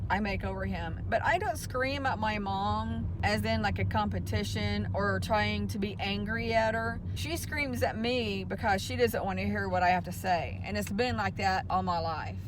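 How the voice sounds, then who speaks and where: A woman speaks openly and emotionally to her viewers in a personal vlog. Her voice sits at an average pitch, and faint traffic noise hums behind her inside the car. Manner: frank, emotional storytelling. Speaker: vlogger.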